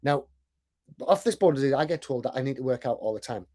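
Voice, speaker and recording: A man's voice: mid-range voice, animated, fast, dark tone. A man with a thick accent gives a casual sales presentation, chatty and self-deprecating, often checking in with "right?". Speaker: online sales coach and business owner.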